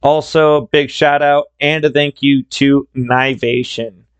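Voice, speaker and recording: A man's voice: mid-range voice, fairly even intonation, slow, clean tone, dry recording. Chatty male podcast host. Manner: chatty, conversational storyteller. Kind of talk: solo storytelling podcast.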